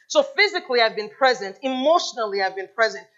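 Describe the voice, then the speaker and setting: High-voiced woman preaching a passionate sermon. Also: expressive, fast talker, bright, forceful tone, muffled recording. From United States. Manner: impassioned preaching, rhetorical questions to the congregation. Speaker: pastor. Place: church.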